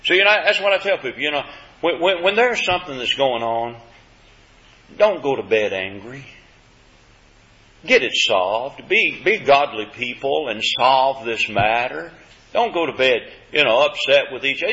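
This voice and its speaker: A man preaching a sermon with folksy stories, repeating words and swinging between loud and hushed delivery. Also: mid-range voice, animated, normal speed. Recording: echoey hall, dull lo-fi sound.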